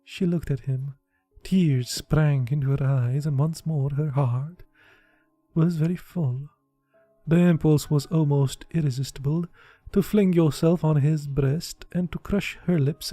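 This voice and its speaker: A man's voice: a little high, a little slow, dark tone, dry recording, faint music behind. A man reading a classic novel aloud in a casual way, putting feeling into the dialogue and sometimes breaking off to joke. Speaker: audiobook reader.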